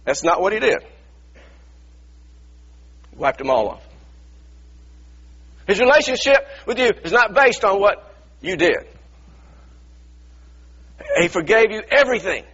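A middle-aged pastor preaching a sermon in a church, earnest and repetitive, stumbling over restarts and firing rhetorical questions. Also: male voice, high voice, fairly bright tone, husky, muffled recording.

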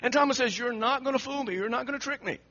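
A man preaching an animated sermon, telling the story dramatically and acting out the quotes with frequent laughter. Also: extremely high pitch, fast talker. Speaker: pastor. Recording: muffled lo-fi recording.

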